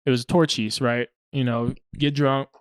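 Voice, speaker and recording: A man's voice: mid-range voice, unhurried, clear, resonant tone. A young man casually telling a funny story as a podcast co-host, laughing often and acting out what people said. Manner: animated, laughing, acts out quotes.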